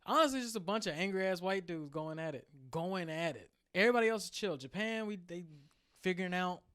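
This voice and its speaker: Man, higher-pitched, animated storyteller, casual chat, slangy. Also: brisk, clear, resonant tone. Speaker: podcast co-host.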